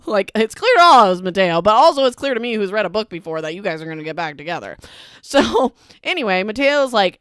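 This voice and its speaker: A woman's voice: medium pitch, sing-song, brisk, fairly bright tone, clear, resonant tone, dry recording, studio quality. A woman hosting a casual book recap podcast, talking in a chatty, emphatic way and filling her speech with "like". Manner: chatty and emphatic, heavy use of "like". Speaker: podcast host.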